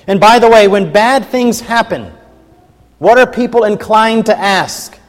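High-voiced preacher in a reverberant hall. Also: male voice, unhurried. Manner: reads scripture aloud with emphatic rising and falling delivery. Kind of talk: sermon.

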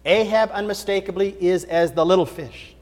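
A man with a high voice delivers an expository sermon, stressing words dramatically and breaking into casual everyday paraphrase. His voice carries a long reverb, as if heard in a large hall. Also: normal speed. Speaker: preacher. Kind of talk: expository Bible teaching.

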